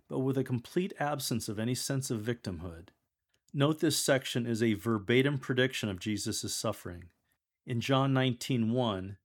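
A man hosting a podcast, coaching lectors on reading scripture aloud in a measured, instructive way and reading the passages slowly. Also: mid-range voice.

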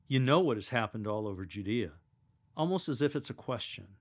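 A man coaching church lectors, explaining how to proclaim a reading and acting out its quoted lines. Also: mid-range voice. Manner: earnest, instructive, acts out quoted lines.

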